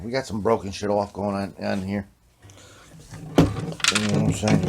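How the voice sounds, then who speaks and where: A man's voice: on the low side, lively intonation, normal speed, vocal fry, slight background noise. A man hosting a casual guitar-repair vlog. He talks in a laid-back, rambling way, ends most sentences with "man", and now and then drops into a muttered whisper.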